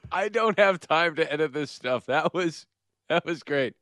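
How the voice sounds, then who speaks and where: A man with a bright, forward voice hosts a casual sports podcast from a video call. His pitch moves freely as he reacts, and the sound is close and dry with no room echo. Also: animated, unhurried. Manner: playful, laughs, mimics announcer. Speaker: podcast host. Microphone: remote video call.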